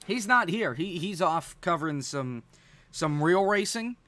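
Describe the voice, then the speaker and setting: A man's voice: sits high, animated, unhurried, fairly bright tone, dry recording. A man hosting a sim racing broadcast, talking casually and rambling with frequent restarts. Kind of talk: live stream race commentary.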